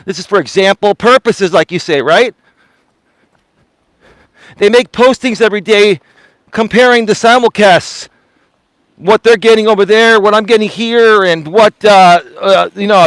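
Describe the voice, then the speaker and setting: A man's voice: sits high, no room sound. A man, a life coach, talking on a live walking stream in an indignant, lecturing way, often repeating himself. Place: outdoors walking.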